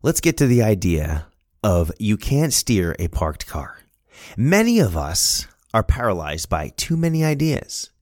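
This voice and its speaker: A middle-aged man hosting a podcast, telling a story in a casual, animated, self-amused way. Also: lowish voice, measured pace, dry recording, clean studio sound. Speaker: podcast host.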